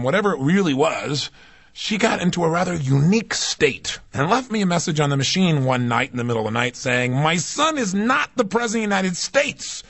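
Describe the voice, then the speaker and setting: A man giving a recorded motivational lecture, emphatic, dropping to low intimate asides and rising to raised intensity. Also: no echo. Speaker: self-help speaker.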